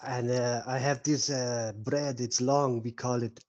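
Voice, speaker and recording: A man's voice: medium pitch, steady tone, measured pace, a little mellow, highs cut off, natural voice. A man voicing a male tavern keeper with a showy, put-on French accent in a tabletop game. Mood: smarmy. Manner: showy, over-polite, fake foreign accent. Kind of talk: tabletop role-play voice.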